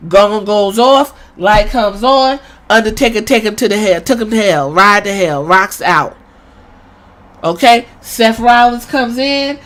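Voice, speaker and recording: A woman hosting a podcast, giving a casual, profane recap and acting out moments with sudden shouts. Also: mid-range voice, measured pace. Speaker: podcast host.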